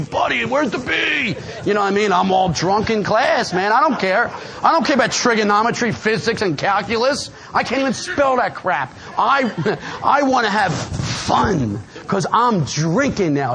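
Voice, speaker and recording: A man with a strong New Jersey accent shares his story from the podium at a recovery meeting. His voice sits high, and he talks in a lively, streetwise way, full of "man" and "you know what I mean". A faint hum of the room hangs behind him. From New Jersey, USA. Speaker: AA speaker. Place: meeting room before a live audience.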